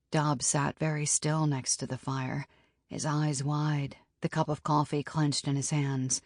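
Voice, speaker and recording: A woman narrating an audiobook in a steady, even reading. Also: deep voice, unhurried, dry recording. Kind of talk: scripted narration. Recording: dry studio audiobook.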